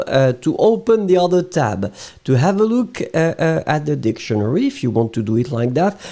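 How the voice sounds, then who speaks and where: A man's voice: a little high, mellow. A male French teacher, a native French speaker with a French accent, leading a playful, chatty live-streamed lesson and often checking in with his students.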